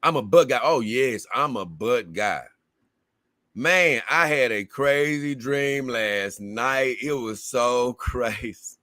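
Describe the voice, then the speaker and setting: A man's voice: mid-range voice, takes it slowly, pushed and bright, no echo, clean studio sound. A man hosting a casual livestream, reading viewer comments aloud and rambling to his audience in a slangy, talkative way.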